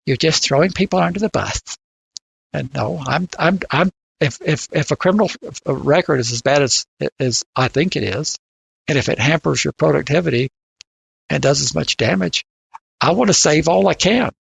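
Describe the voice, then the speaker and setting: Older guy on a podcast, raspy fry in his voice, dry close sound, keeps restarting his sentences. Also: fairly high pitch, dry recording. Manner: halting, repeats words when starting sentences. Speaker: podcast co-host. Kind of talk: casual podcast discussion.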